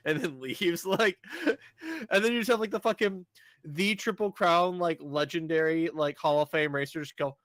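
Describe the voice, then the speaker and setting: Male co-host, mid voice, dead-dry sound, fast joking riffs. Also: on the high side, fairly bright tone, no room sound. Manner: quick, jokey, riffs in put-on character quotes. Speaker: podcast co-host. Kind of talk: casual anime podcast chat.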